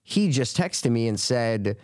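Male co-host, casual chat, medium pitch, dry close sound, animated and swearing. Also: slow pace, dry recording. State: recovering from covid. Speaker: podcast co-host.

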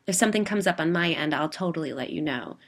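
A woman voicing an eager, insistent female paranormal theorist in a spoken story, close to her own low-pitched voice. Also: expressive, fast. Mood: earnest.

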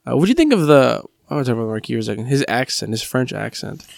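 A man's voice: medium pitch, big pitch swings, fast talker, creaky, no room sound, studio quality. A man co-hosting a podcast, chatting in a laid-back way who often finishes his co-host's sentences. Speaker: podcast co-host. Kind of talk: casual chat.

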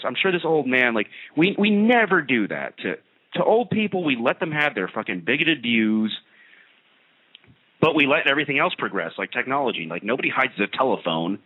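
A man's voice: medium pitch, very animated, fairly quick, husky. A man hosting a radio talk show, telling a story in a sarcastic, ranting comedic monologue. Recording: tinny phone-like radio line.

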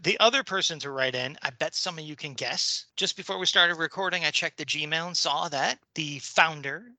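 A man's voice: on the high side, moderate pace, sharp tone, dry recording. A man co-hosting a podcast in casual chat, reading listener mail in a jokey, upbeat way and laughing often. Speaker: podcast co-host.

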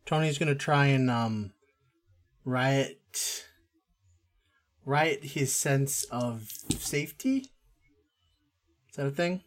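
Male tabletop player, medium voice, unsure and thinking out loud. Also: medium pitch, slow, pauses often. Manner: tentative, thinking aloud. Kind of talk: casual tabletop play.

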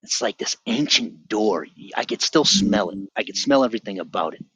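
A middle-aged man sharing his personal religious testimony on a podcast, earnest and vivid, often halting and restarting his sentences. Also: fairly low pitch, expressive, fairly bright tone, slightly rough, dry recording.

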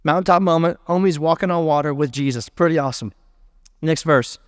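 A man's voice: on the high side, brisk, no room sound. Earnest male preacher, dry sound. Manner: earnest, repeats words while building a point; casual slang mixed into preaching. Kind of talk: sermon.

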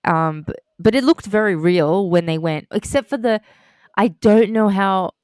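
A woman in casual chat about a show, playful with quick asides. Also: medium pitch, a little mellow, clear, resonant tone, dry recording, clean studio sound.

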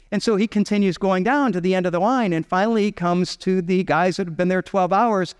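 Animated male pastor in a reverberant hall. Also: high voice, a little fast. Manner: animated storytelling, acting out voices of characters. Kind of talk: sermon. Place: church sanctuary.

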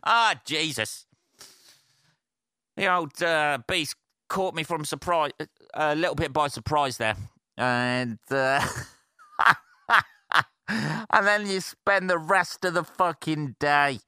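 A sweary man rants alone into a close podcast mic, rambling and laughing at himself. His voice is bright and forceful, and the sound is dry with no room around it. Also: fairly high pitch, takes it slowly, pauses often, clean tone, dry recording. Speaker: podcast host. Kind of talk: casual solo podcast rant.

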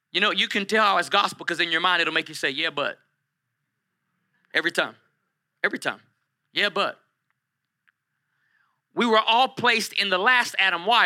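A male pastor preaching a sermon in an animated way, repeating lines for emphasis. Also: sits high.

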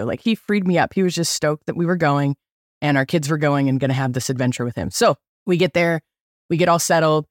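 A middle-aged woman hosting a podcast, telling a story in an animated, chatty way with lots of likes and okays. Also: low-pitched, brisk, no echo, clean studio sound. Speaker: podcast host. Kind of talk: casual storytelling.

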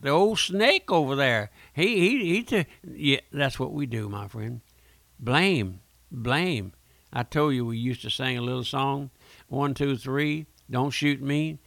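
Fervent gravelly preacher man. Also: medium pitch, pushed and bright, dry recording. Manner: fervent, repetitive pleading preaching. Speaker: radio preacher. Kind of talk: sermon.

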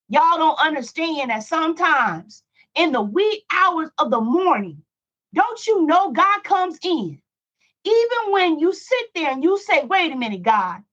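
In a dull, lo-fi recording, a middle-aged woman preaches a Bible study to her listeners, emphatic and repetitive and full of rhetorical questions. Her voice is very high with a fairly bright tone.

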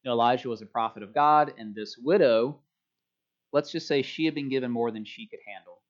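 A man giving a relaxed, chatty sermon to a church congregation, joking about himself as he goes. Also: medium pitch, a little fast. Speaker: preacher. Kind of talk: casual sermon. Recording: dull lo-fi sound.

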